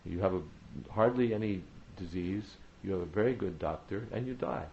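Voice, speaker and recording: Man, spiritual talk, very low gravelly voice, slightly dull sound, faint background hiss. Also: dark tone. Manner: measured, repetitive emphasis with frequent "uh" pauses. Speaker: spiritual teacher. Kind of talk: devotional talk on chanting.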